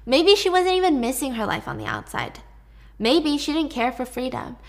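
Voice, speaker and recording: A woman narrating a dark story in a chatty, casual retelling with wry asides. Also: sits high, wildly swooping pitch, normal speed.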